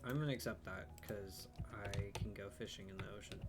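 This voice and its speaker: A man's voice: on the low side, fairly quick, over loud music. A man streaming a farming game, chatting casually and self-deprecatingly about his plans as he plays. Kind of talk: casual let's-play commentary.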